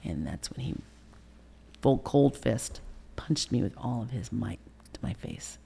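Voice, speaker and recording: Interview guest: woman in her sixties, very low gravelly voice, blunt, profane storyteller. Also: lively intonation, a little slow, dark tone. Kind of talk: candid storytelling in a podcast interview.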